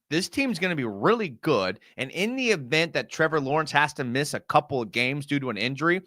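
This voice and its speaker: Animated, exasperated male sports fan host. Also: mid-range voice, no echo, studio quality. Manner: animated, exasperated rants with sarcasm; reads and answers live chat. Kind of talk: casual live-stream film breakdown.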